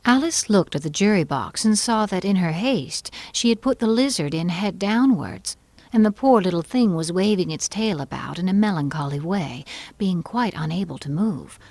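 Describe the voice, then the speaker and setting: A woman narrating an unabridged audiobook in an expressive, measured reading. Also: on the low side, no room sound. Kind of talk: scripted narration.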